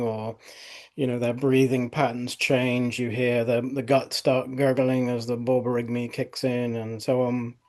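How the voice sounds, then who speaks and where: Telling a case story in an interview, a man in his fifties who works as an osteopath meanders through it with lots of fillers and false starts. He has a mid-range, slightly mellow voice.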